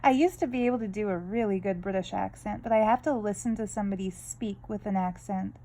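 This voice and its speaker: A woman's voice: medium pitch, fairly quick, warm tone, low-quality recording. A woman vlogging about her art, chatting in a rambling, candid way full of tangents while she draws. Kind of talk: casual draw-along chat.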